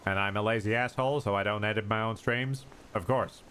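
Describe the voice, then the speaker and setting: A man streams a game live, talking to himself in sarcastic, jokey commentary. His lowish voice is steady, brisk and a bit bright, with slight background noise.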